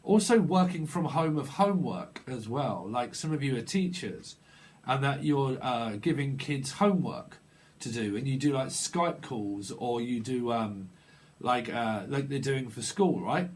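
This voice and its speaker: A man's voice: medium pitch, animated, unhurried. A man giving a casual, rambling tarot reading, repeating phrases and acting out little exchanges. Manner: rambling, repetitive, acts out little dialogues. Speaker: tarot reader. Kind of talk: casual intuitive reading monologue.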